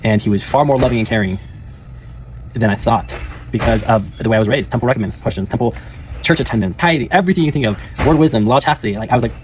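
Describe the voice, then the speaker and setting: Over a noisy background, a young life coach speaks fast in a medium-pitched voice. His personal monologue rambles casually and earnestly, broken by frequent laughs and restarted sentences.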